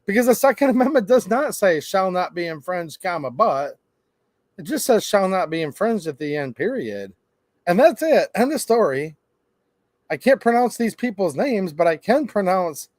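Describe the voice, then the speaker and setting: A middle-aged man hosts an opinionated commentary, animated, with sarcastic asides and acted-out quotes. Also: high-pitched, no echo. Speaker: gun-rights channel host.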